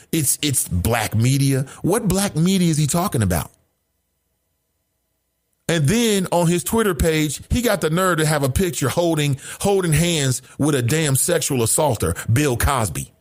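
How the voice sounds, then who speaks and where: Male show host, middle-aged, lively swooping delivery, blunt, profane, fires off rhetorical questions. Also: fairly high pitch. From United States. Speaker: podcast host. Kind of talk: casual commentary monologue.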